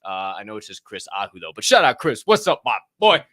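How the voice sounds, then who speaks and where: Excitable man hosting a livestream. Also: lowish voice, brisk, dry recording, clean studio sound. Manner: excitable, profane, shouting out chat names. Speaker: livestream show host. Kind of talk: casual livestream chat.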